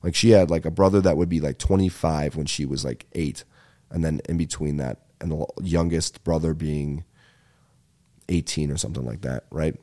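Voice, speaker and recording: A man's voice: very deep voice, normal speed, warm tone. A young man hosting a comedy podcast, telling meandering, profane stories full of asides and fillers. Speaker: podcast host. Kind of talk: rambling comedic storytelling.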